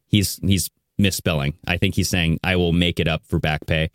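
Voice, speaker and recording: A man's voice: low voice, normal speed, no echo, clean studio sound. A man hosting a casual podcast chat, telling a story with lots of laughs and "dude". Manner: animated storyteller, laughs often, says "dude".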